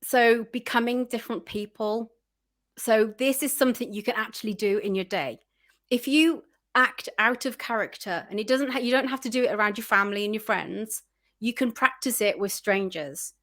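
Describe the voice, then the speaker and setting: A woman's voice: fairly high pitch, normal speed, fairly bright tone. A woman guest on an interview show, giving earnest, encouraging tips as a spiritual coach. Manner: earnest, encouraging advice-giver. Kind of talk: casual interview chat.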